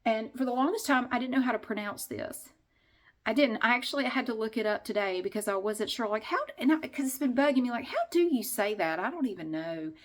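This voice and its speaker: A middle-aged woman vlogs in casual chat, rambling frankly, restarting her sentences often and swearing mildly. She talks fast in a fairly high-pitched voice.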